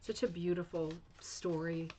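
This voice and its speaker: A woman's voice: on the low side, flat delivery, unhurried, warm tone, slight background noise. A woman hosting a casual craft chat, gushing and rambling with many fillers as she shows a rug to viewers at home. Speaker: rug hooking channel host.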